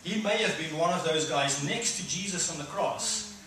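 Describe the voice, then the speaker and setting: A middle-aged man preaching a conversational sermon, acting out voices with sudden loud high bursts. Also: moderate pace, recorded from a distance, a little hiss or hum. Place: church hall. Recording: echoey hall, speaker away from mic.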